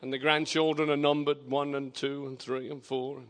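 An older man with an English accent, preaching a lively, joking sermon in a church. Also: mid-range voice, normal speed. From England. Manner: exuberant, shouting praise, joking with the congregation. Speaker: visiting preacher.

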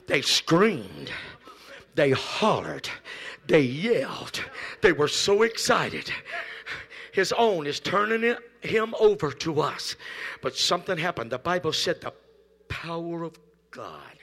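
A man preaching a Pentecostal sermon, moving from shouted calls to hushed storytelling, repeating phrases and speaking in tongues. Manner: swings from shouted exhortation to low hushed storytelling. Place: church service.

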